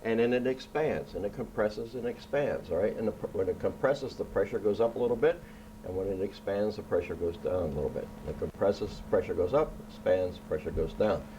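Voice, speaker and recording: Man with a lowish voice, casual science lesson for kids, playful, keeps asking "right?", faint background hiss. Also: fairly quick, mellow, dull audio. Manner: playful, checks in with "right?" constantly. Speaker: science show host teaching children. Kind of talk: casual classroom explanation. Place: indoor room.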